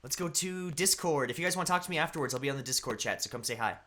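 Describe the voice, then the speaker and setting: A man's voice: a little high, animated, very fast, bright, forceful tone. A young man hosting a live stream, chatting casually and greeting viewers by name in a rambling way. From United States.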